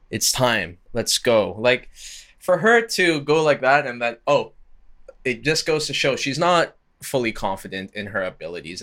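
Bright-voiced man doing casual commentary. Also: mid-range voice. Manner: slangy, chatty, animated asides. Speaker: MMA commentary host.

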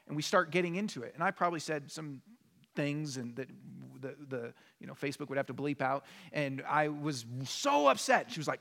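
A male pastor preaching a sermon with animated delivery, acting out the voices in his stories. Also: on the high side, a little fast, creaky. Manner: animated, acts out quoted voices in a story. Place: church sanctuary. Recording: long church hall reverb.

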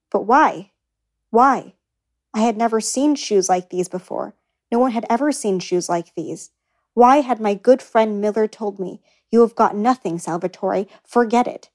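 A woman reads a first-person memoir aloud as an audiobook narrator. Her delivery is measured and earnest, at a middle pitch. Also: a little mellow.

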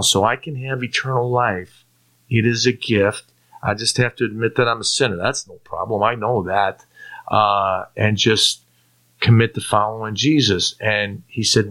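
A man from Turkey tells his conversion story in a low, bright, forceful voice. He is a lively storyteller who acts out what he once said, and he often trips into repeated-word restarts. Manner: animated storyteller who acts out his own past lines. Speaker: guest giving a testimony. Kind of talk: personal faith testimony in conversation.

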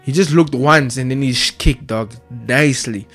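A young man rants casually about football, excitable and slang-heavy, tagging nearly every phrase with street slang. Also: medium pitch, normal speed, husky, faint music behind. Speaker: vlogger.

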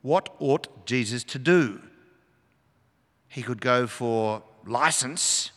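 An older male pastor preaching in a church, his voice carrying a long reverb through the hall. He tells the story dramatically, dropping low and then surging up for emphasis. His pitch sits in the middle range for a man. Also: slow, fairly bright tone. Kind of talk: sermon.

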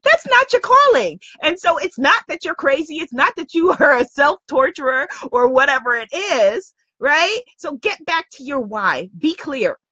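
A woman's voice: sits high, expressive, moderate pace, few pauses, sharp tone, no echo, dull audio. A woman coach giving an emphatic, upbeat motivational lesson, repeating her key points. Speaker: spiritual business coach. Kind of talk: motivational teaching talk.

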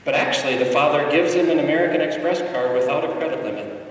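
Middle-aged male preacher, slightly high, storytelling sermon, hushed to emphatic, roomy distant sound. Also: quick pace, slight background noise. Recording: echoey hall, mic from afar.

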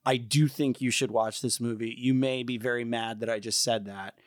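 A man's voice: mid-range voice, steady tone, moderate pace, no echo, studio quality. Hesitant, self-correcting male podcast co-host. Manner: hesitant and self-correcting, many restarts, laughs easily. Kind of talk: casual film podcast chat.

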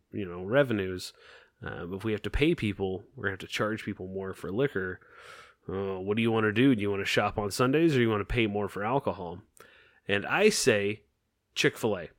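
A man's voice: lowish voice, no room sound, clean studio sound. Profane man ranting on a podcast. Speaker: podcast host. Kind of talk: casual podcast banter.

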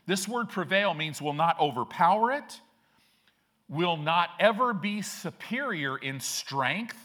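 A man's voice: on the high side, lively intonation, measured pace, bright, forceful tone. A male pastor preaching a sermon in a conversational, slangy way, acting out quoted characters with a shifting voice. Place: church sanctuary.

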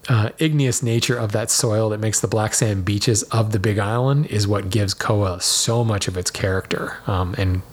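A man with a husky, slightly rough voice hosts a casual podcast and works through listener questions. He talks in a loose, rambling way and drifts into tangents before coming back to the point. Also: on the low side, steady tone, moderate pace, few pauses. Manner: rambling, digressive, chatty. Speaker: podcast host answering listener mail.

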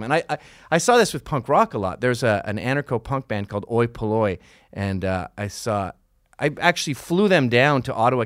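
A man's voice: fairly low pitch, dry recording, studio quality. A middle-aged man hosting a solo podcast, ranting in a profane, sarcastic way. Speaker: podcast host.

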